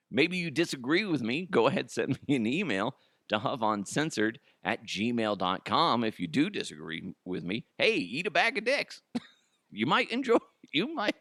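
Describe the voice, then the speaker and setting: Animated, profane man ranting on his podcast. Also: medium pitch, vocal fry, no room sound. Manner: profane, laughs at own jokes, animated. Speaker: podcast host. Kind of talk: solo comedic podcast rant.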